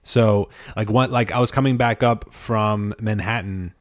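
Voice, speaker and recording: A man's voice: fairly low pitch, fairly even intonation, measured pace. A young man co-hosting a podcast, telling laid-back stories and chiming in with agreement. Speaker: podcast co-host. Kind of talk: casual chat.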